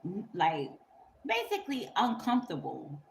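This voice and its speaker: A woman's voice: medium pitch, huge pitch swings, normal speed, gravelly, a little hiss or hum. A woman on her own channel, telling a story in casual, profane, emphatic talk and laughing through it. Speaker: YouTuber.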